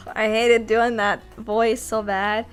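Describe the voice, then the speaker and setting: A woman voice actor chatting casually on a livestream, animated, laughing often and restarting sentences. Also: fairly high pitch, extremely slow, smooth, faint music behind. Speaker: voice actor and streamer.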